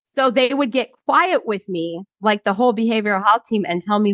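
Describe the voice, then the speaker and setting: A woman's voice: mid-range voice, fairly quick, fairly bright tone, no room sound. A woman in her thirties, a guest in an interview, telling a personal story bluntly and with frequent swearing, acting out what other people said.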